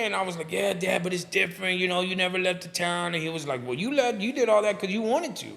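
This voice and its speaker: His voice sits high and sounds gravelly, and he moves at a quick pace with few pauses. The middle-aged barbershop owner and pastor guests on a casual podcast, telling animated stories and acting out whoever he quotes.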